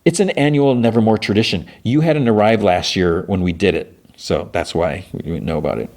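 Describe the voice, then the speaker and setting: A man's voice: fairly low pitch, brisk, a little mellow, lightly acted. A man voicing a bubbly, chatty teenage girl with a raised voice. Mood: perky. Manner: perky, chatty.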